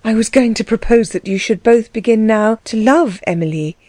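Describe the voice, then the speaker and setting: A woman reading an audiobook, voicing a gentle, earnest young woman who is kind but firm. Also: on the high side, moderate pace, no room sound, natural voice.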